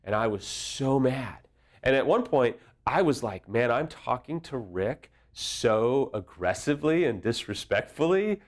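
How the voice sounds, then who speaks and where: Male counselor, mid-pitched voice, earnest and direct, conversational advice delivery. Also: expressive, a little slow. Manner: earnest, personal and direct, illustrates points with anecdotes. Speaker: affair recovery counselor.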